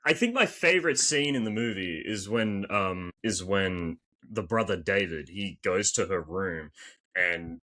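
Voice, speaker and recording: Excitable man chatting about movies. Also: deep voice, a little slow. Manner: animated, excitable, lots of fillers. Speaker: podcast co-host. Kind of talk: casual movie-review chat.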